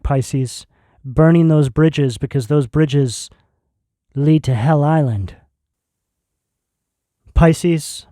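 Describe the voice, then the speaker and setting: A man's voice: a little high, dark tone, no room sound, clean studio sound. Intense, emphatic man reading tarot. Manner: slow, emphatic, intense declarations. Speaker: tarot reader.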